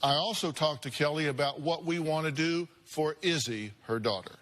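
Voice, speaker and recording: A man hosting a talk show, speaking in a measured, direct way. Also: fairly high pitch, over music. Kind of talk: talk show narration and address.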